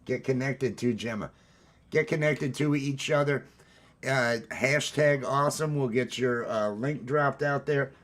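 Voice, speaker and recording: A man's voice: mid-range voice, measured pace, fairly bright tone. A man hosting a casual livestream from home, upbeat and rambling as he greets his viewers. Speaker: livestream host. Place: at home, green screen.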